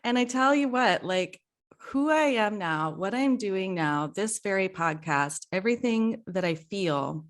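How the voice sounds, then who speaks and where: A middle-aged woman hosting a podcast, talking in a casual, heartfelt way, emotional and quick to laugh. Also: medium pitch, animated. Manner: warm, emotional, laughs often. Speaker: podcast host.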